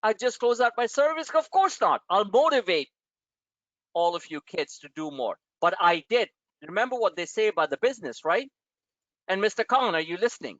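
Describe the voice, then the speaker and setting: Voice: mid-range voice, moderate pace, no echo, highs cut off. A trading webinar host talking in a casual, rambling way, full of fillers, and quizzing the listeners directly. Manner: rambling and animated, heavy with "like" and "you know"; addresses listeners directly with questions. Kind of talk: casual live webinar teaching.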